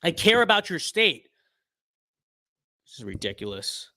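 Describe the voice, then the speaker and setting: A young man casually commenting on his own gameplay, sarcastic, muttering to himself and then bursting into excited shouts. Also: fairly high pitch, unhurried, no echo, studio quality. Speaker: streamer.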